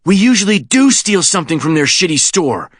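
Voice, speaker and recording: A man's voice: high voice, big pitch swings, a little fast, no room sound, studio quality, pitched above the performer's own voice. A man voicing an anxious, sensible teenage boy in an audiobook, sounding exasperated and incredulous. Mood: dry. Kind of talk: audiobook character voice.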